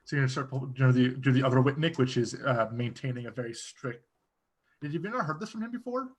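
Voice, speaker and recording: A man's voice: mid-range voice, lively intonation, quick pace, husky. A man co-hosting a car podcast in casual chat, wry and sarcastic. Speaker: podcast co-host.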